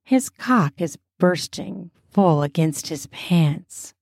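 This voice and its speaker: Slow, mellow woman narrating a story. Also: fairly low pitch, animated, gravelly, dry recording, clean studio sound. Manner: slow, soft and intimate. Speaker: storyteller and host.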